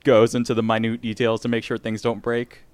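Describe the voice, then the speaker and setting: A man's voice: mid-range voice, completely flat delivery, fairly quick, smooth, no room sound. A man co-hosting a podcast in casual chat, rambling and laughing often. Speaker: podcast co-host.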